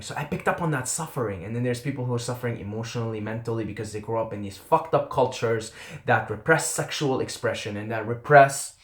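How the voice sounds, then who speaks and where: A man telling a personal story to camera in a casual, earnest and intense way, often trailing off and swearing. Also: medium pitch. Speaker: vlogger. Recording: roomy echo.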